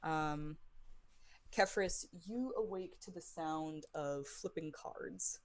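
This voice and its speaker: Woman game master, low voice, halting, filler-heavy narration. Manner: hesitant, many ums. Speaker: dungeon master.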